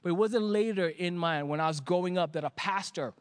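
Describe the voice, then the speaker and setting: A man from Africa preaching a sermon to an online audience, with animated storytelling. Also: high voice, fairly quick, clean tone. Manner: animated, acts out his younger self in quoted asides. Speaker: pastor. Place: empty church streamed online.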